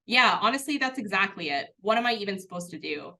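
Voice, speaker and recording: A woman's voice: mid-range voice, expressive, fast talker, pushed and bright. A woman playing an exasperated patient. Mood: frustrated. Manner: exasperated, complaining. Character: frustrated patient denied an appointment.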